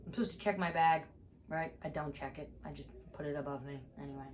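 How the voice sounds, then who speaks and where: A woman comedian telling a story in a podcast chat, animated, acting out each exchange as she goes. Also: sits low, fast talker, a little hiss or hum. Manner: animated, acts out every exchange with "I'm like".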